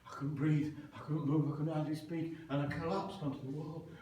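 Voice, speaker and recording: A man tells a story to a live audience, dramatic and lively, slipping into the voices of the people in it. His voice sits a little high and rings through a large, very echoey museum hall. The mic is some way off, with a faint hiss. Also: a little fast. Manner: dramatic, lively telling with acted-out quotes. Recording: echoey hall, heard from a distance.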